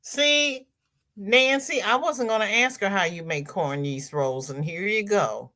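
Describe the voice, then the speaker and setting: Woman, crochet livestream host, casual chat, reads comments aloud, slow-paced. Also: mid-range voice, bright, forceful tone. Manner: chatty, reads viewer comments aloud and responds.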